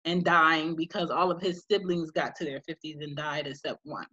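A woman in a casual chat who speaks haltingly, with lots of fillers and restarts. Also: low voice, steady tone, sharp tone, slightly rough. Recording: dull, muffled sound.

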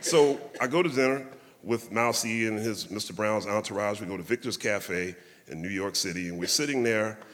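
Lively man telling a stage story. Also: fairly low pitch, a little fast, in a large hall, slight background noise. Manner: lively, humorous, self-deprecating. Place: theatre stage.

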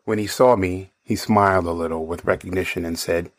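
A man, a bartender, calmly narrating a story from behind the bar. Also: sits low, fairly quick, dry recording.

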